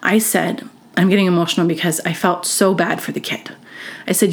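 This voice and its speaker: A woman's voice: lowish voice, fairly even intonation, a little fast. Chatty woman telling a story. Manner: chatty, full of "like" and "you know", acts out quoted voices. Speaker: podcast host. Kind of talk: storytelling monologue.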